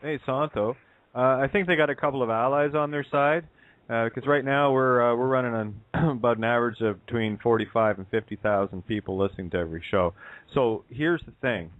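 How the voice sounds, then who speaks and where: A man's voice: medium pitch, brisk, no room sound. Radio co-host, man calling in over a tinny phone line, upbeat rallying talk. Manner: rallying, hesitant with fillers.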